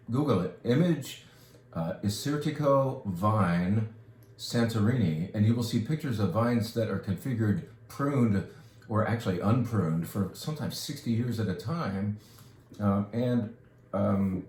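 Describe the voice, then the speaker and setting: Hosting a wine shop video, a man from California rambles enthusiastically through casual product talk and wine tips, throwing in jokey asides. He sounds on the low side and darkish, and the recording is reverberant.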